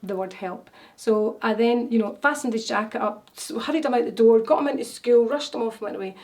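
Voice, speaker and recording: A wellness consultant guest recounts stories in a casual interview chat, her speech full of fillers and restarts. Her voice is fairly high, a little mellow, and slightly fast, recorded somewhat far from the mic.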